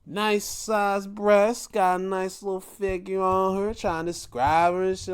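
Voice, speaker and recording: A man's voice: sits high, steady tone, normal speed, few pauses, clear, resonant tone. A young man hosting a podcast, giving a profane, exasperated rant in casual commentary. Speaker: podcast host.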